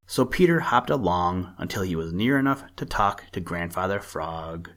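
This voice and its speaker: A man narrating a children's animal story for a reading podcast, steady and measured. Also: deep voice.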